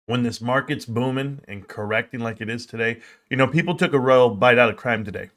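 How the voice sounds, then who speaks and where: A man's voice: medium pitch, brisk, few pauses. A man hosting a market livestream, talking casually and joking, sometimes acting out other people in a raised voice. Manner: animated, acts out quoted people in a raised voice; joking, conversational with fillers. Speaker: stock market livestream host.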